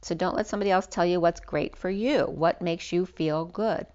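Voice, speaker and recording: A woman with a fairly low voice talks her way through a spiritual tarot reading, rambling and restarting her words as she goes. The recording sounds dull and lo-fi. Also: moderate pace, darkish tone, smooth. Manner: rambling, with frequent restarts and ums. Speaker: tarot reader.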